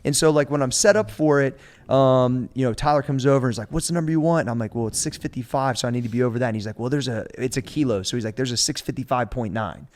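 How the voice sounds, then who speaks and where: A man's voice: mid-range voice, quick pace, few pauses, a little mellow. A man in his forties, a strength coach, telling a story in casual podcast talk, acting out quotes and swearing freely. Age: 40s.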